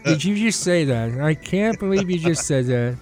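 A man's voice: a little high, animated, moderate pace, a little mellow. A man co-hosting a casual talk show, rambling with lots of fillers and laughing often. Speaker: podcast co-host. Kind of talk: casual chat.

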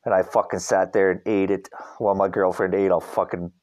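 A man's voice: deep voice, a little fast. Profane rambling young man hosting a podcast. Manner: swears constantly, rambling and animated. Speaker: podcast host. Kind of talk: casual profane podcast rant. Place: Vancouver.

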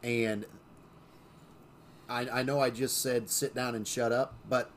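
A man's voice: medium pitch, little pitch movement, takes it slowly, a little hiss or hum. A man co-hosting a casual podcast chat, telling stories with lots of fillers and restarts. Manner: storytelling, many fillers and restarts. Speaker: podcast co-host.

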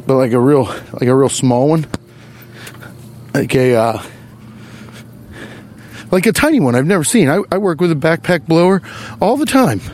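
A man's voice: on the high side, moderate pace, pauses often, a little hiss or hum. A man hosting a podcast, delivering a profane, exasperated comic rant while walking along a wooded trail. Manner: animated, profane, exasperated ranting. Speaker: podcast host.

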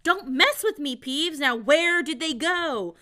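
A woman's voice: a little high, lively intonation, normal speed, lightly acted. A woman voicing an angry, grumpy male caretaker who makes impatient demands. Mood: demanding.

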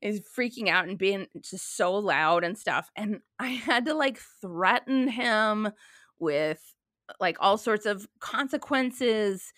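A woman in her thirties in casual chat, telling a story with lively quoted dialogue. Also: medium pitch, slow, no echo, clean studio sound.

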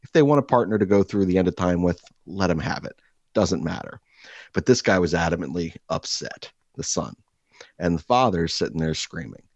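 A man hosting a podcast, telling a crude comic story in an animated, rambling way with many fillers, seated across from his co-host. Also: sits low, normal speed, dry recording, highs cut off. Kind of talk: casual comedic storytelling.

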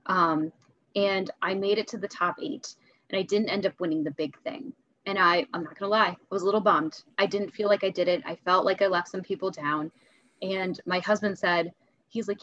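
A woman teacher talking candidly as a podcast guest, chatty and quick to laugh, often restarting her sentences. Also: fairly low pitch, fairly even intonation, fairly bright tone, no echo, dull audio. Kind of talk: casual interview talk.

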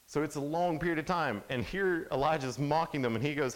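A man in his thirties giving an animated youth camp sermon, storytelling and acting out the characters' lines. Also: fairly quick, few pauses. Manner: animated storytelling, acts out quotes in a higher voice. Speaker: camp speaker.

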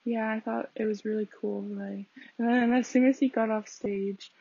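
A woman's voice: fairly high pitch, steady tone, normal speed, gravelly, mellow, breathy edge, dry recording. A young woman hosting a casual podcast, rambling chattily with lots of fillers and laughing at herself. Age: young adult. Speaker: podcast host. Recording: dull lo-fi home recording.

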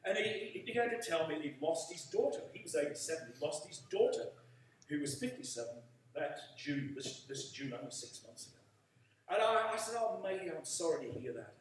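Animated preacher in echoey hall. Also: male voice, a little high, brisk, a little hiss or hum. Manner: animated storyteller acting out dialogue. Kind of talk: sermon storytelling and prayer. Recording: echoey room from far off.

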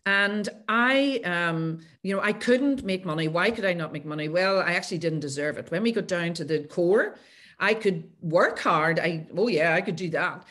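Speaking at a normal speed, this woman has a fairly low, expressive, slightly bright voice. She's a coach who works with clients, appearing as a podcast guest and animatedly telling her own stories while acting out past conversations in an interview.

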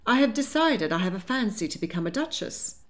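A woman voicing a spirited young lady who answers in a crisp, indignant way. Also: mid-range voice, big pitch swings, brisk, pitched above the performer's own voice, close to an everyday voice. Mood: defiant.

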